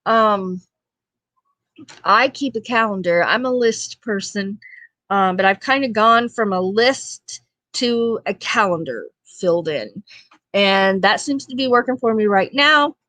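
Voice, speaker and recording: A woman's voice: mid-range voice, lively intonation, a little slow, pushed and bright, no echo. A woman hosting a casual livestream chat show, reading viewer comments in a homey, chatty way and laughing often. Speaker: livestream talk show host.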